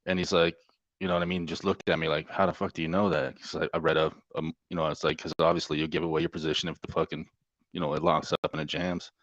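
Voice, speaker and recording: A man's voice: very deep voice, level tone, fast, a bit bright, no room sound. A middle-aged man, a former Navy corpsman, telling stories in a casual, profane, laid-back way during an interview. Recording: dull, dry lo-fi sound.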